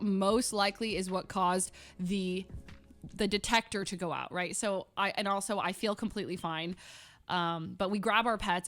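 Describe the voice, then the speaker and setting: A young woman streaming, telling a story to her chat in a casual, animated way, giggling and acting out sounds and voices. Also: mid-range voice.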